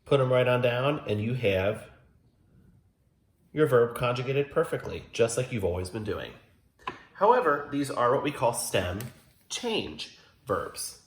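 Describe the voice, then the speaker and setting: A man's voice: mid-range voice, sing-song, unhurried, pauses often. A man teaching German grammar at a whiteboard, explaining step by step and patiently, with emphatic stress on key words. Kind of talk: classroom lesson explanation. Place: classroom at a whiteboard. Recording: roomy classroom echo.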